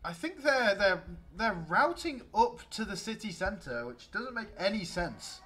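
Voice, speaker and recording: Young man, gaming commentary, animated, fairly high voice, excitable. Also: measured pace. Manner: excitable, chatty, talks to the game units. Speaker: let's play gamer. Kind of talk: gameplay commentary.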